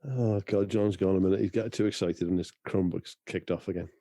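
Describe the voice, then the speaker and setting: A man's voice: low-pitched, fairly even intonation, a little fast, mellow. A man co-hosting a comedy podcast, bantering and filling time while his co-host reconnects.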